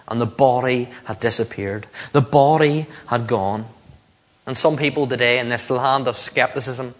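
A man's voice: medium pitch, fairly bright tone. A man preaching a sermon, telling stories and acting out the lines he quotes. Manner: storytelling preacher, acts out quotes. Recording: long hall reverb.

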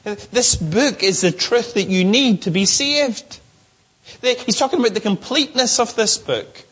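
A man's voice: high-pitched, fairly bright tone, slightly rough. A man preaching an expository sermon, earnest and emphatic, asking his listeners questions.

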